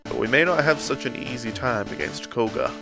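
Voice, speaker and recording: A man with a New Zealand accent talks through a game live on stream, chatty and quick to joke. His pitch sits in an ordinary middle range. Soft game music plays faintly underneath. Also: gravelly. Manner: chatty, excitable, jokey. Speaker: livestreamer. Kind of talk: live gameplay commentary.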